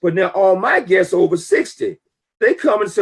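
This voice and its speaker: A man talking casually and emphatically about business conduct, preachy and full of lively storytelling. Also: high voice, normal speed, slightly rough. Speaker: network marketing talk show guest. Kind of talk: casual motivational talk.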